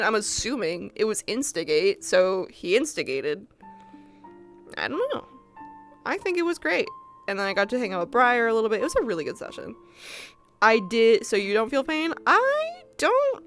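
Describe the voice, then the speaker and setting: A woman's voice: medium pitch, very animated, normal speed, fairly bright tone, faint music behind. A woman livestreamer in casual chat with her viewers, swearing freely as she talks straight to chat. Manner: chatty, swears casually, addresses chat directly. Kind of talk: casual chat with viewers after a roleplay session.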